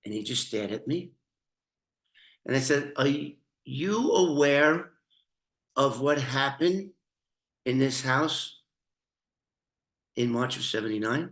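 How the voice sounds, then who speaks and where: A man telling a story from his own past in casual talk, blunt and profane, often restarting and clearing his throat. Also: medium pitch, lively intonation, slow, long pauses, a bit bright, echoey room.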